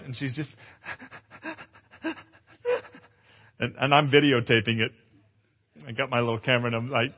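A male pastor giving a testimonial sermon at a conference, an animated storyteller who acts out dialogue and exclaims loudly. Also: medium pitch, normal speed, long pauses, slightly rough. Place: conference hall. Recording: echoey hall, dull lo-fi sound.

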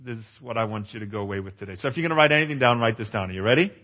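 A man's voice: medium pitch, very fast. A man in his forties preaching a testimonial sermon at a conference, earnest and confessional, with playful asides to the crowd. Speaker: pastor. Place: conference hall. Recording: echoey hall, slightly dull.

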